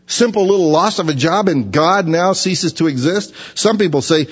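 Husky-voiced man preaching a sermon. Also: lively intonation, normal speed. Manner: conversational, acts out imagined voices in a higher pitch. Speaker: pastor. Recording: dull reverberant hall sound.

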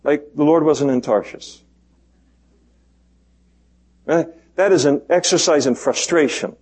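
A man's voice: on the high side, a little slow, darkish tone, slightly rough, poor audio. A male pastor preaching verse by verse in a conversational way, chuckling between points. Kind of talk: expository sermon.

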